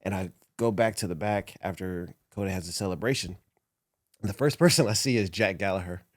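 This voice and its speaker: A man's voice: low voice, brisk, no room sound, clean studio sound. A man, a former wrestler, recalling his career in a casual interview, laughing often as he talks. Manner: laughs often, emotional recollection. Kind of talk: casual storytelling.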